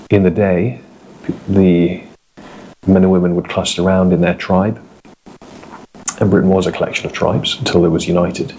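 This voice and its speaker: A man vlogging casually to camera, reflective and rambling, with frequent hesitant pauses. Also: low voice, a little mellow, a little hiss or hum, low-quality recording. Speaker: vlogger doing accent impressions.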